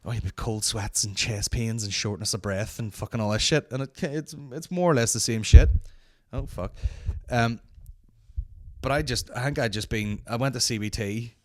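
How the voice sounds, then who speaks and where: A man's voice: medium pitch, moderate pace, dry recording, studio quality. A man with a Northern Irish accent hosting a comedy podcast, telling a story casually, swearing constantly and slipping into voices of other people. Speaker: podcast host.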